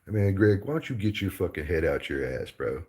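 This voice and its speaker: A man with a very low voice rants in a furious, profane tirade. He is insulting and aggressive and hammers the same points again and again. His voice rings in an echoey room. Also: very animated, brisk, darkish tone. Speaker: streamer ranting at a commenter. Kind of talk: angry profane rant.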